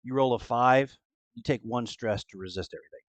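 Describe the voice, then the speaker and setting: A man acting as game master runs a tabletop game online, explaining rules in casual chat on a call with frequent fillers. His mid-range voice moves a little fast, in a dry recording.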